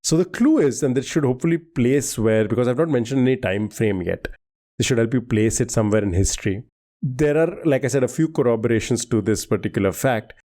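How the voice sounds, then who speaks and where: A man's voice: mid-range voice, brisk, mellow. A man hosting a quiz show in casual chat, patiently giving clues and laughing often. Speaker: quiz host.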